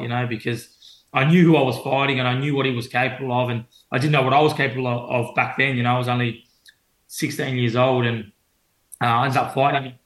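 Young man, Australian accent, rambling, quick, roomy echo. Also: mid-range voice, fairly bright tone. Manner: loose, rambling, lots of fillers and restarts. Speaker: professional boxer guest. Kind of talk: casual interview storytelling.

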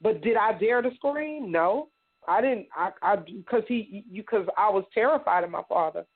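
A middle-aged woman from Indiana recounts her past in a radio interview, her voice thin and phone-like. She talks haltingly, doubles back on her words, and voices the people in her story as she goes. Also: mid-range voice, expressive, husky. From Indiana, United States. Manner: halting, repeats words, acts out others' lines. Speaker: guest survivor telling her story. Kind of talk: personal testimony in a radio interview. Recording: tinny phone-like radio sound.

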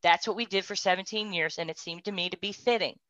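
A woman tells her story in a heartfelt personal testimony. Her voice drops to a hush, then lifts into quick, animated bursts. The sound is dry and a little muffled, as on a lo-fi recording. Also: fairly low pitch, no echo. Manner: heartfelt, swings from hushed to animated. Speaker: guest sharing a personal story.

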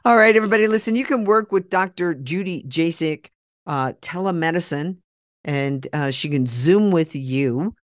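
A man's voice: on the high side, unhurried, no room sound, studio quality. A man from Oklahoma with an Oklahoma accent, hosting a podcast in a blunt, folksy, rambling way. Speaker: podcast host. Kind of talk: casual chat with a guest, then a sponsor plug.

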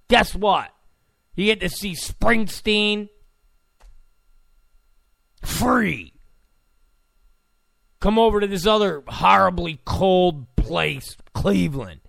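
A man's voice: high voice, gravelly, a bit bright, no echo, clean studio sound. A man delivering a sarcastic, mocking political rant in blunt, casual commentary.

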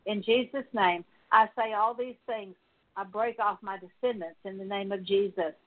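A woman's voice: medium pitch, normal speed. Woman leading a confession prayer, tinny. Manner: steady repeated litany of petitions. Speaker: prayer minister. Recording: tinny phone-like sound.

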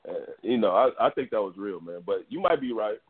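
A man co-hosting a boxing podcast, telling stories in a slangy, animated casual chat. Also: on the low side, brisk. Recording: husky voice on a tinny phone-like line.

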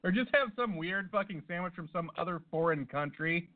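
A man co-hosting a comedy podcast, riffing in casual banter with a deadpan, absurd manner. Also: high voice, brisk. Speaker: podcast co-host. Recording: tinny phone-like sound.

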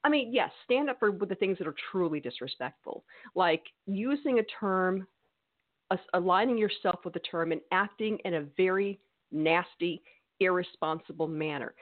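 A woman's voice: lowish voice, dry recording. A woman co-hosting a podcast, talking in an emphatic, scolding, opinionated way, with the odd laugh. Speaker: podcast co-host. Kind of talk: opinionated casual chat. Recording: tinny phone-like sound.

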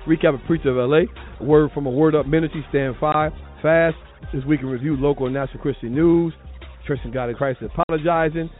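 A man with a Southern US accent hosting a Sunday morning gospel radio talk show, playful and exclaiming loudly at times. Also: a little high, steady tone, fairly quick, faint music behind. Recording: tinny phone-like broadcast audio.

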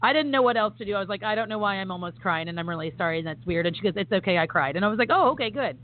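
A woman's voice: medium pitch, lively intonation, very fast. A woman co-hosting a casual podcast chat, talking with enthusiasm and emphasis, with many fillers. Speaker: podcast co-host. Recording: phone-like audio with faint noise.

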